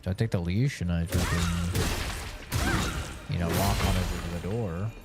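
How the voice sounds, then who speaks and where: A man's voice: low-pitched, steady tone, normal speed. A young man streaming a game, telling rambling, profane stories in casual chat. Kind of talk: casual chat while gaming. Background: game music.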